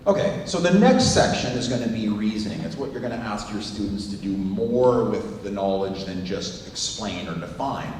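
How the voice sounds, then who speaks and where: Guy telling a funny story at a talk, pitch jumps all over, sounds far off in a big echoey room. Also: moderate pace, few pauses, slight background noise. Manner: animated, self-mocking storytelling with acted-out quotes. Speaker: teacher giving a conference presentation. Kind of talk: storytelling presentation. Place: large hall with audience. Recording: echoey hall recorded from far off.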